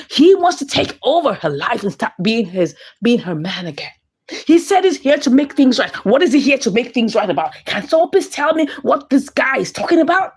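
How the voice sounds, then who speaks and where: A woman, recapping a drama episode in an excitable way, often laughing and exclaiming. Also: fairly high pitch, husky. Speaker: movie recap commentator.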